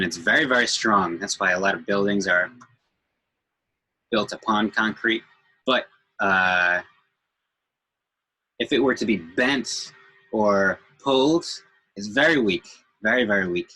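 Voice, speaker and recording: A man's voice: lowish voice, sharp tone, slightly rough, poor audio. A man speaking in a reflective group discussion, thoughtful and hesitant, with many fillers and restarts.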